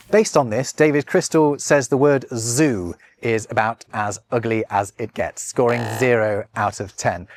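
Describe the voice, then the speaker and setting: A man with a British accent hosting a scripted language lesson, playful and wry, leaning hard on the words he discusses. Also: medium pitch. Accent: British English. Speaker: language video host. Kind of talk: scripted educational narration.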